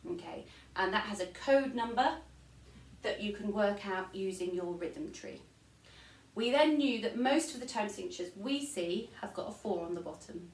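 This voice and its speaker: A woman's voice: mid-range voice, distant mic. A woman with an English accent teaching a recorded online music lesson, patiently explaining and counting beats aloud. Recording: echoey room, voice from off-mic.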